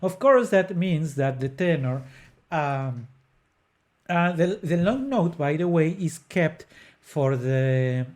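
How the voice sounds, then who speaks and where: A man with a slightly high, somewhat mellow voice hosts an opera podcast, animated yet slow-paced. He explains an aria earnestly, with many hesitant fillers, and sings bits to demonstrate the notes.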